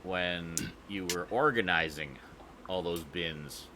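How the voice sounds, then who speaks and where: Man, casual podcast chat, low voice, slow, laughs easily. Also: heavy background noise. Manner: laughs easily, animated reactions.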